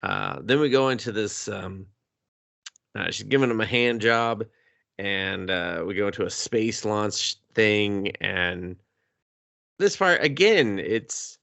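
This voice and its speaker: Male podcast co-host, gravelly low voice, animated profane recapper. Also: takes it slowly, no room sound. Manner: profane, animated retelling with put-on character voices. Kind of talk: casual movie review chat.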